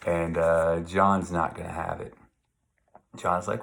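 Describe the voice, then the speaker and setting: A male teacher walking his class through a novel in a relaxed, conversational lecture. His voice sits very low with a gravelly fry. He drifts into asides and reads passages out loud as he goes. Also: takes it slowly, long pauses. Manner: conversational, digressive, reads quotes aloud. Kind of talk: recorded literature lecture.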